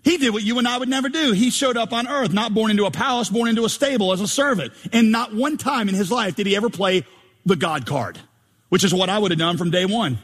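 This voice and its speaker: A man's voice: high voice, quick pace, fairly bright tone, slightly rough. A male pastor preaching an emphatic, humorous sermon, recorded with the long reverb of a large hall. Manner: emphatic, humorous, mimics prayers.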